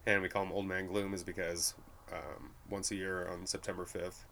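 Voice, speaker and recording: A man's voice: low voice, little pitch movement, moderate pace, vocal fry, fairly bright tone, a little hiss or hum. A man from New Mexico, a brewery guide, chatting casually and laughing easily between many fillers. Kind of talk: casual conversation.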